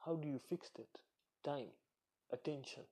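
A man giving a blunt, profane casual rant, voice dark and mellow. His tone is a little husky, and he slips into short acted-out quotes. He speaks at an ordinary middle pitch. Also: normal speed. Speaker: commentator. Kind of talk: casual monologue.

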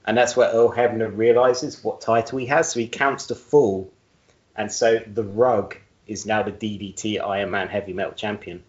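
A man's voice: fairly low pitch, steady tone, normal speed, darkish tone. Jokey man on a roomy podcast. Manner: jokey, laughs at his own jokes. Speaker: podcast co-host. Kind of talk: casual podcast chat. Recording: roomy, dull-sounding audio.

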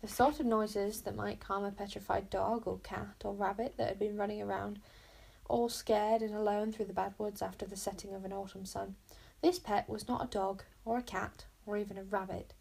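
Gravelly woman reading a storybook. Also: mid-range voice. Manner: measured, expressive narration. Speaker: narrator. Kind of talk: storybook read-aloud.

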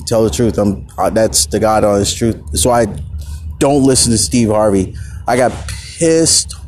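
A man hosting his own podcast, telling stories in a casual solo monologue, swinging between low mutters and heated outbursts. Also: a little mellow, slight background noise. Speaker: podcast host.

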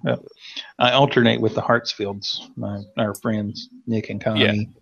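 A man's voice: lowish voice, flat delivery, unhurried, gravelly, fairly bright tone. A man from Tennessee with a light Southern accent, co-hosting a cigar podcast in casual chat and laughing often as he tells stories. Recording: dull lo-fi sound.

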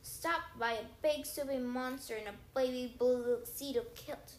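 A woman reading a story aloud in first person, lively, with small stumbles and self-corrections. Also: sits high, normal speed, reverberant, a little hiss or hum, low-quality recording. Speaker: audiobook reader.

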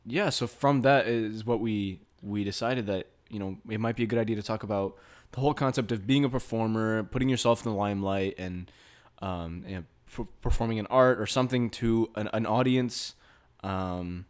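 A man co-hosting a podcast, telling a story in a rambling, halting way with many fillers. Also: on the low side. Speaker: podcast co-host. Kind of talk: casual chat.

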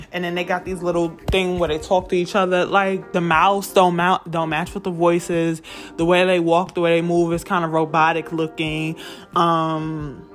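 A woman ranting casually about a video game, profane and exasperated, often breaking into laughter. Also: on the low side. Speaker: gamer reviewing a video game.

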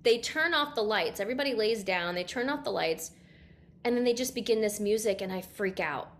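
A woman in her thirties tells a personal story in a relaxed interview. She is animated, laughs often and acts out her own remarks from back then. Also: mid-range voice, a little fast. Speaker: guest, sound healing practitioner.

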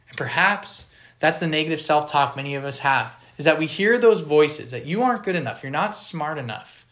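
A man's voice: a little high, animated, moderate pace, fairly bright tone. A man giving a conversational Bible teaching on a podcast, earnest and explanatory, stopping to put questions to his listeners. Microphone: podcast microphone.

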